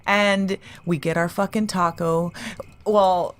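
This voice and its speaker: A young woman co-hosting a podcast, telling a story in a casual, animated way, swearing and laughing as she goes. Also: fairly low pitch, slow pace. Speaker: podcast co-host.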